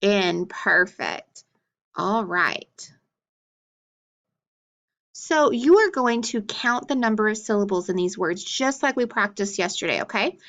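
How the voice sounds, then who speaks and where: A woman teacher leading an early-grade phonics lesson, speaking slowly and deliberately, praising each answer. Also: medium pitch, animated, fairly bright tone. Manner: slow, deliberate, encouraging.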